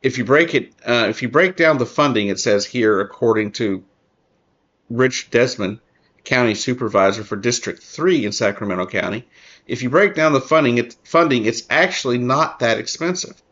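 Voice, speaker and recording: A man's voice: medium pitch, a bit bright. Guy reading an article and chiming in, earnest, stops and restarts a lot, kinda muffled lo-fi sound. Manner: earnest, halting, many restarts and fillers. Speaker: political commentary host. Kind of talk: casual commentary reading an article.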